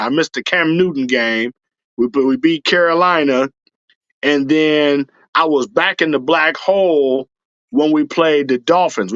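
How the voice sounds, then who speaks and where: A man spins a long, profane yarn in loose, casual talk. His voice sits a little high, and he bursts into shouts and laughter as he goes. The sound is dry and a bit dull. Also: no echo. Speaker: podcast guest, superfan. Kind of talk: casual storytelling.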